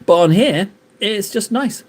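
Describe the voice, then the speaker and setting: A man's voice: sits high, animated, unhurried, darkish tone. A man streaming while he paints miniatures, chatting and joking with his viewers in a rambling way. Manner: joking, rambling banter with chat.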